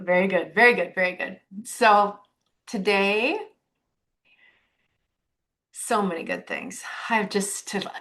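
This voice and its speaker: Bubbly woman hosting a live stream. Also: medium pitch. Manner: bubbly and excitable, greets viewers by name. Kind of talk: casual live-stream talk. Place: outdoors on a walk.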